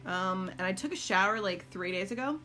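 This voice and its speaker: A woman's voice: animated, a little fast, pushed and bright. A middle-aged woman chatting casually on a live stream from her home, answering viewer questions with many ums and likes. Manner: high cooing baby talk to her dogs. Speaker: live-stream host and caregiver mom.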